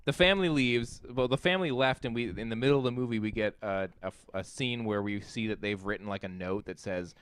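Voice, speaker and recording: A man hosting a casual film review chat, animated and profane, acting out quotes from scenes. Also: lowish voice, fast talker, few pauses, clear, resonant tone. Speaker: podcast host, film reviewer.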